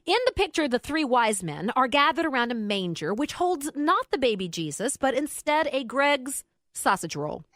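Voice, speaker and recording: A woman's voice: sits high, very animated, normal speed, a bit bright, no room sound, studio quality. A woman co-hosting a radio show, chatting casually and reading listener posts aloud with her own asides. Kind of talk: casual talk radio chat.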